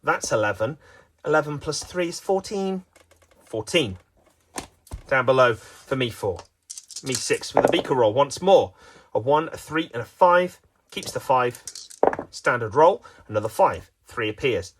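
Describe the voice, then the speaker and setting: A man's voice: mid-range voice, lively intonation, a little slow, background noise. A man giving playful, self-mocking mock sports commentary on a dice game.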